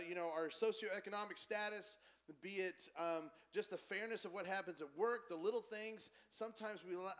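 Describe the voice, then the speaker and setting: A man preaching a conversational, animated sermon as pastor in a church. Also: high-pitched. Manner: animated, conversational preaching, acts out quoted voices.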